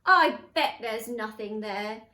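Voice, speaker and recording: A gruff father tyrannosaur, as a woman reading aloud puts him on, blusters and scoffs. His words come slowly. The room around is echoey. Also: high-pitched, animated, fairly bright tone, heavily acted. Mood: scornful.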